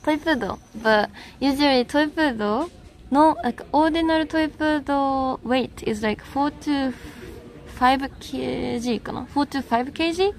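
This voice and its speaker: A woman's voice: high voice, unhurried. A young woman with a Japanese accent, chatting playfully with stream viewers and often giggling between English and Japanese. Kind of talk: casual chat with stream viewers.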